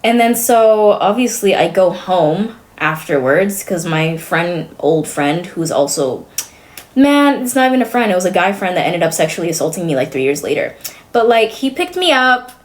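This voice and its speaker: A woman's voice: on the low side, sing-song, normal speed. A young adult woman streamer chatting casually to her viewers, blunt and sarcastic, swearing freely.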